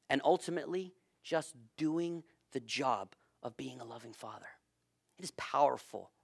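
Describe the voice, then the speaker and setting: Man preaching with loud-to-whisper swings. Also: fairly high pitch, no room sound, studio quality. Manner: playful jokes to keep listeners awake. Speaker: pastor. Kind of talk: sermon.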